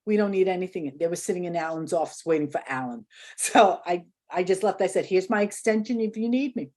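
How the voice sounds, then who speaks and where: A woman's voice: lowish voice, fairly quick, darkish tone. An older woman, a guest in an interview, telling stories animatedly, acting out quotes and laughing often. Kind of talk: casual storytelling interview.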